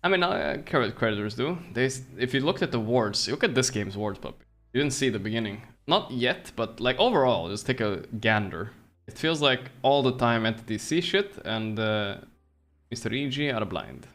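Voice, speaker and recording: A man's voice: medium pitch, animated, normal speed, a bit bright. A man hosting a stream in casual chat, loose and profane, drifting into jokey asides on a streaming mic. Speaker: streamer host. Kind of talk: casual chat while co-watching a match.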